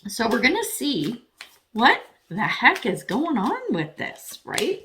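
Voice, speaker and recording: A woman's voice: on the high side, wildly swooping pitch, slow pace, background noise. A woman giving a casual tarot reading straight to her viewers, chatty and frank, swearing freely and tossing in self-deprecating asides. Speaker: tarot reader.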